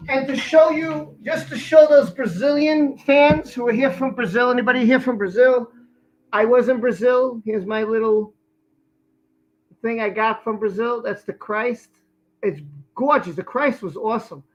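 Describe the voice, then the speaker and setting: A man's voice: extremely high pitch, a little slow, muffled recording. Guy rambling at home on a live stream, chatty, eating while he talks. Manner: rambling, chatty, and talking with food. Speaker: livestream host. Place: his home.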